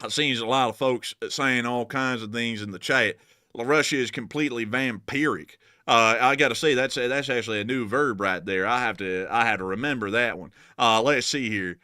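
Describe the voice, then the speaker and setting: A man with a Southern US accent runs a casual war news livestream. His voice is bright and clean, recorded dry and close to the mic. He rambles in a folksy way and keeps looping back to thank viewers. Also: medium pitch, moderate pace, clean tone, no echo. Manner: folksy, rambling, repeats thanks, drawling asides.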